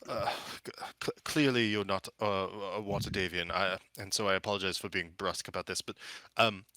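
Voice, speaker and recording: A man's voice: low-pitched, a little fast, bright, forceful tone, dry recording. A man voicing a nervous, apologetic middle-aged butler who stammers. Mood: flustered.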